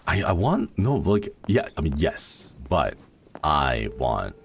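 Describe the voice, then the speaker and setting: Very deep, gravelly, sleepy male streamer. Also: huge pitch swings, takes it slowly, slight background noise. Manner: dreamy and musing, with soft exclamations of delight. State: sleepy and yawning. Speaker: livestreamer. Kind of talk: casual gameplay commentary. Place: at home.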